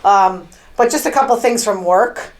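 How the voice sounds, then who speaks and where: A woman's voice: mid-range voice, normal speed, low-quality recording. A woman hosting her own show, telling rambling stories about her week in a chatty, casual way with lots of fillers. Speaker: podcast host. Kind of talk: casual monologue.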